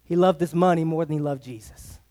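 A high-pitched man preaches to his congregation. He is emphatic, repeats key phrases and keeps asking rhetorical questions. His voice rings with the long reverb of a church hall. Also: fairly quick, dark tone. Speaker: pastor. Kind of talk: sermon. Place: church sanctuary.

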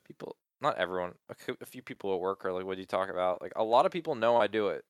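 A young man co-hosts a podcast in loose, rambling chat, full of "like" and restarted sentences. His voice sits low and smooth. The recording is dry and close, with no room sound. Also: expressive, fast talker, no room sound. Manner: rambling, filler-heavy, frequent restarts. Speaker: podcast co-host. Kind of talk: casual chat.

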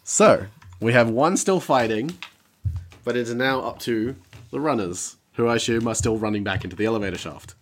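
A man runs a tabletop game over an online call, talking at a middling pitch. His narration is relaxed and wry, with small pauses and restarts. He asks the players for their moves and sets the scene. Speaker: game master.

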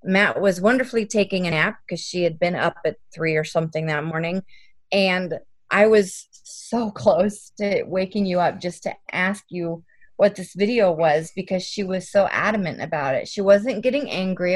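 A woman's voice: fairly low pitch, normal speed. A young woman, a parent, telling detailed stories in an earnest way during an interview. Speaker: parent of an autistic child. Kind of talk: interview conversation.

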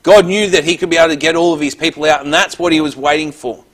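A man's voice: on the high side, steady tone, quick pace, fairly bright tone. A man preaching a Bible teaching, reading verses aloud and then explaining them in plain words. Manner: reads scripture aloud then explains it, with small restarts.

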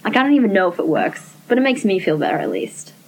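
A woman's voice: mid-range voice, sing-song, quick pace, poor audio. A young woman in casual conversation, lacing her speech with "like" as she thinks aloud. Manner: peppers speech with "like", thoughtful. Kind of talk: casual chat.

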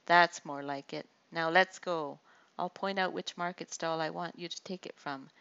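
A cocky teenage bully who drags out his taunts, slow and sneering, as a woman reads him. The voice sits low with a gravelly edge. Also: fairly even intonation, fairly bright tone, muffled recording. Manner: mocking, slow deliberate taunting.

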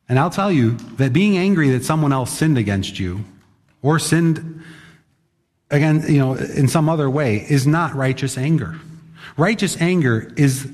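A male pastor delivers a sermon with a slightly high voice, shifting between quiet asides and sudden emphatic punches. He talks plainly to the congregation. The sound carries a long reverb from a large hall. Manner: emphatic, conversational, acts out quotes.

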